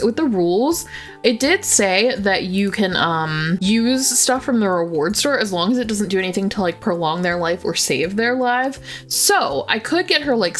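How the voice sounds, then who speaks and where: A woman's voice: mid-range voice, a bit bright. A woman giving casual, chatty commentary as she plays a life-simulation game, fond and talkative, full of filler words. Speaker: gaming YouTuber.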